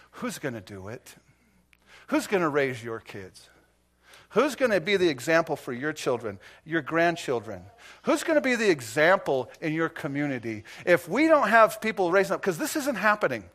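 A man preaching a sermon as pastor, moving from quiet, intimate stretches to loud, emphatic passages, with anecdotes and light self-deprecating asides. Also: fairly high pitch.

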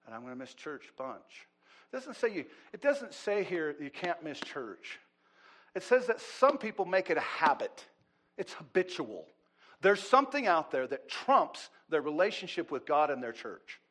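Middle-aged male pastor, bright forceful tone, animated sermon delivery with loud peaks and hushed asides. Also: a little high, normal speed. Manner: animated preaching, swings from loud bursts to quiet asides.

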